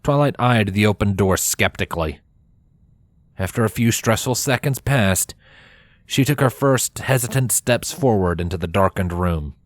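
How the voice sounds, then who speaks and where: A man narrating a fanfiction chapter aloud in steady, expressive storytelling. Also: on the low side, moderate pace, no echo. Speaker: fanfiction reader. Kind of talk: scripted narration.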